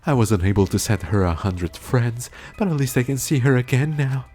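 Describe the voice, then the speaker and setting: A man reading aloud a calm, unsettling young male anthropologist from a game, in a slow and solemn way. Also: mid-range voice, soft background music, pitched above the performer's own voice, lightly acted. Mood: devoted.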